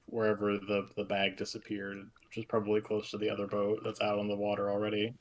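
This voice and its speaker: A man with a somewhat low voice playing a tabletop game. He works out his moves aloud, pausing and restarting as he goes. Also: completely flat delivery. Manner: hesitant, thinking aloud. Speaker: player. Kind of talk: casual tabletop play.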